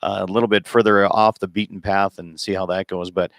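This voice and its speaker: A man's voice: deep voice, flat delivery, a little fast, creaky, noisy background. A man hosting an outdoors radio show, chatting in a folksy, rambling way and laughing easily, broadcasting from a small closet. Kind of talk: casual talk radio chat.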